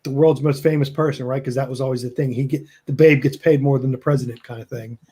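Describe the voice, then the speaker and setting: A man's voice: medium pitch, steady tone, quick pace, dark tone, breathy edge. A man narrating as game master in a loose, chatty way, laughing often.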